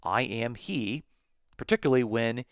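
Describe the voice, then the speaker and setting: A man hosting a podcast, reading Bible verses aloud and explaining them in a measured way, slowing down to stress key phrases. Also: medium pitch, vocal fry, dry recording, clean studio sound. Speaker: podcast host teaching on scripture.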